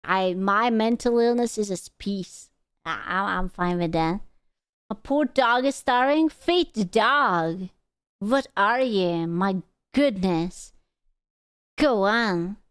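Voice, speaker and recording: Brief: streamer woman, crisp and dry, crude teasing banter. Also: mid-range voice, lively intonation, slow, no echo. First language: Hungarian. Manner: crude, teasing, swears freely. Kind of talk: casual stream chat.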